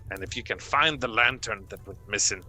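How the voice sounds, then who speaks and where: A man's voice: on the low side, a little fast, bright, forceful tone, soft background music, poor audio. A man voicing a jovial male dragonborn town official who talks in a folksy drawling dialect. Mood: persuasive.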